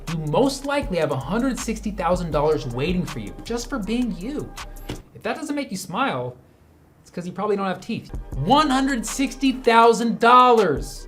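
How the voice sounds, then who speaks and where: A man's voice: high-pitched, a bit bright. A man performing a comedic math monologue for video, teasing and mock-insulting his viewers.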